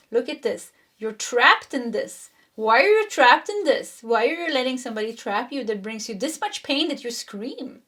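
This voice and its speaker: Middle-aged woman doing a tarot reading, chatty, laughs a lot, higher-ish voice. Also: fairly bright tone. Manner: chatty, laughs often, repeats phrases. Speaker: tarot reader. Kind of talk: pick-a-card tarot reading.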